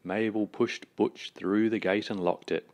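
A man with a low voice reads a children's picture book aloud. He takes his time, pausing deliberately and giving the rhyming lines an expressive, storyteller's lift. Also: vocal fry. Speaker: storybook reader.

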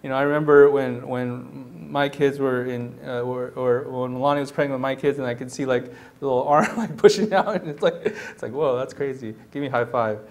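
A pastor preaching a sermon in an animated, conversational way, often repeating words and acting out the people he describes. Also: medium pitch, fairly quick, few pauses. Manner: animated, repeats words, acts out quoted voices.

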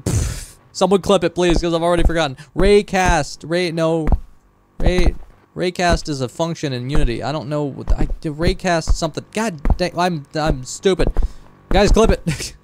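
A man's voice: a little high, unhurried, over music, poor audio. A man streaming a horror game, giving chatty, self-mocking live commentary.

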